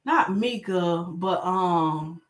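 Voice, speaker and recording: A woman's voice: on the low side, extremely slow. A woman hair stylist chatting casually on a live stream while she works, reading viewer comments and joking with them. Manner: chatty, animated, reads comments aloud.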